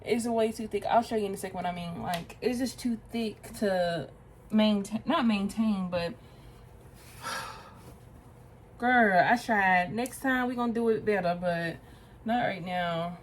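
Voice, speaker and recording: A beauty vlogger in her twenties does a casual get-ready-with-me while fixing her hair, talking to herself and calling viewers "y'all" and "girl." Her medium-pitched voice is a little mellow at a moderate pace, on a rough recording with slight background noise.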